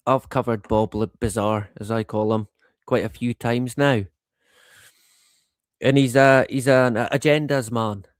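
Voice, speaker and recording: A man's voice: medium pitch, clear, resonant tone, no room sound, clean studio sound. A man hosting a livestream in a casual, rambling monologue, laughing often and swearing freely. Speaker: livestream host.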